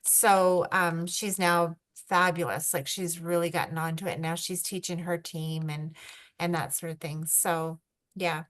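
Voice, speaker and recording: Canadian woman, lowish voice, casual rambly guest on a team call. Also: level tone, a little slow, a bit bright. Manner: rambling, filler-heavy, self-described introverted. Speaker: guest brand ambassador.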